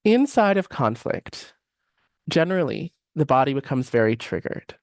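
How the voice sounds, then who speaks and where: A man's voice: medium pitch, big pitch swings, normal speed, a little mellow, no echo, studio quality. A man presenting a live online workshop in a reflective, conversational way. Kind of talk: live online teaching session.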